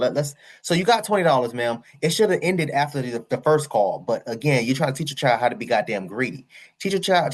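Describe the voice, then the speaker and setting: A man hosting a casual reaction video in an even middle voice. He talks loosely, repeats himself when worked up, and grows exasperated. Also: mid-range voice.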